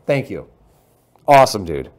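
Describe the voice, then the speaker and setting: A man co-hosting a casual tech and gaming livestream, joking and quick to get excited. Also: lowish voice. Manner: joking, excitable, self-mocking. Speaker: livestream co-host.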